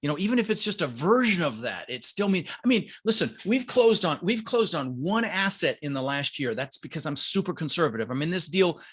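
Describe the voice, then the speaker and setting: A man's voice: a little high, big pitch swings, fairly quick, hardly any pauses, a bit bright, husky. A middle-aged man as an interview guest, talking in an emphatic, motivational way. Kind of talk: casual interview talk.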